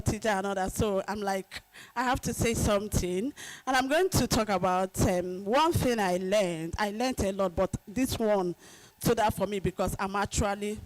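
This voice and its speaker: A woman speaking as a parent at a summit microphone. She is candid and self-critical, with an average pitch. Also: normal speed, rough recording. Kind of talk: audience testimony.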